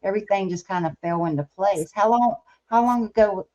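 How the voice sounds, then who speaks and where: A woman's voice: mid-range voice, a little fast, mellow, muffled recording. A woman hosting a podcast interview, chatty and asking long, leading questions. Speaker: podcast host. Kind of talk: casual interview.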